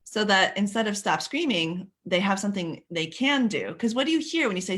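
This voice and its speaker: A woman's voice: mid-range voice, animated, a little fast, fairly bright tone. A woman leading a live parenting workshop who chats with viewers by name, often restarting her sentences. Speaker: parenting coach.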